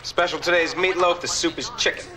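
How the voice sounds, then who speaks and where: A man's voice: fairly high pitch, steady tone, quick pace, background noise. A man playing a pushy, know-it-all diner counterman in a mockumentary. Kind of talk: mockumentary comedy scene.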